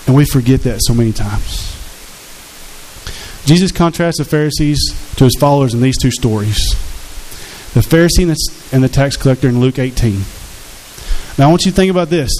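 Earnest preacher, slightly high voice. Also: male voice, a little mellow, poor audio. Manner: earnest, conversational preaching with acted-out quotes. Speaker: pastor. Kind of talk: sermon.

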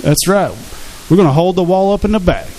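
A man's voice: high-pitched, fairly quick, darkish tone, low-quality recording. A man preaching a sermon as pastor, in a conversational way, often asking the congregation questions. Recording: faint hiss in the background.

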